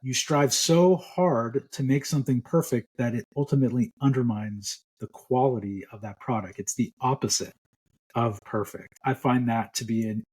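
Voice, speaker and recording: A man's voice: medium pitch, normal speed, a little mellow, breathy edge. A middle-aged man, a clinical psychologist, explaining ideas relaxedly in a podcast interview.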